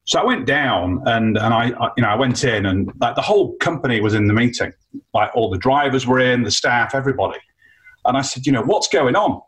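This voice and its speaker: A man's voice: mid-range voice, a little fast, low-quality recording. Man telling a business story. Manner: animated anecdote with many fillers. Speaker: entrepreneur guest. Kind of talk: casual storytelling.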